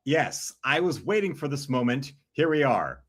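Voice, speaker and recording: A man's voice: medium pitch, very animated, moderate pace, a bit bright. A man hosting a live stream, giving blunt, sardonic commentary. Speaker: streamer host.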